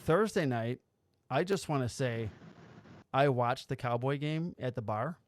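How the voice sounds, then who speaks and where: This podcast host has a medium-pitched voice and a measured pace, with a little hiss or hum on the track. In casual chat he spins stories animatedly, performing the quotes and cursing without restraint.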